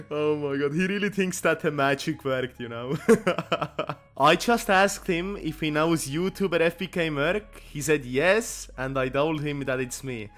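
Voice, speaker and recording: Young male gaming commentator, excitable and sweary, high-ish lively voice, soft game music under him. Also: measured pace. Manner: swings from muttering to loud laughing outbursts, swears a lot. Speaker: gaming YouTuber.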